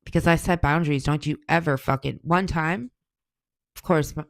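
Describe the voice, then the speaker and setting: A woman's voice: low-pitched, steady tone, normal speed, gravelly, dry recording. A woman in her forties, hosting a podcast, answering questions in a blunt, profane, heated storytelling style. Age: 40s. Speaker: podcast host. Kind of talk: casual monologue answering questions.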